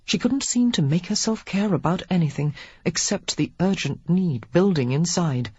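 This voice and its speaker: An audiobook narrator reading a historical romance in a steady, measured way. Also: medium pitch, husky, dry recording. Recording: dull lo-fi audiobook recording.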